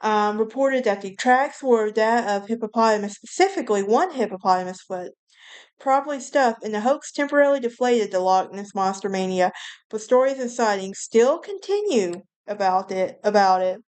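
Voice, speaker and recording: A woman's voice: mid-range voice, expressive, moderate pace, darkish tone, smooth. A woman hosting a casual solo podcast, telling a story in a rambling way, often correcting herself and laughing at her own telling. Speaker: podcast host.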